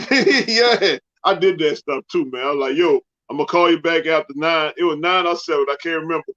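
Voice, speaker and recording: A man with a high voice, joking around and laughing often. He sounds animated and playful as he co-hosts a casual sports talk show. The recording is dull and lo-fi. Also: a little fast. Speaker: co-host.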